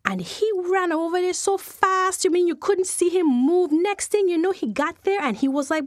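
A woman storyteller, telling a folk tale with lively, dramatic pacing. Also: very high-pitched, moderate pace, few pauses, no room sound, clean studio sound. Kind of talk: animated oral folk storytelling.

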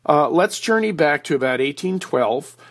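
A man's voice: on the high side, expressive, normal speed. A man who is a regular guest commentator on a radio show, explaining news items over a phone line in a folksy, joking way. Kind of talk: conversational explainer.

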